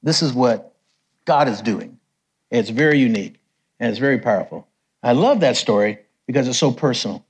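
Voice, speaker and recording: A middle-aged man delivers a sermon full of personal stories. His voice is slightly husky and breathy at a medium pitch. He acts out the people in his stories with a jump in pitch. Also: normal speed. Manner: animated storyteller, raises pitch for quoted voices. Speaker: missionary preacher. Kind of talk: sermon testimony storytelling.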